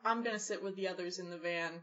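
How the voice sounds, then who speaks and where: A woman playing a tabletop game in a lively, laughing way. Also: on the low side, quick pace. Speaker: player. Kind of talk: casual tabletop play. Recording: dull lo-fi recording.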